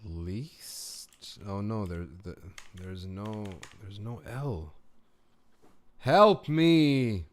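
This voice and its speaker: A deep-voiced man from the United Arab Emirates, raised in the Gulf, draws out his words in a dark tone. He hosts a casual live stream from home, answering comments, telling rambling stories and laughing often as he thinks aloud through a word puzzle.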